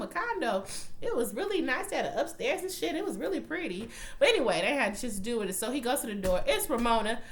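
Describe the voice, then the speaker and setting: A woman's voice: fairly high pitch, a little fast. A young woman casually recapping a TV episode, blunt and profane, retelling scenes and quoting lines as she goes. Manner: profane, blunt, animated storytelling with acted-out quotes. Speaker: TV recap vlogger.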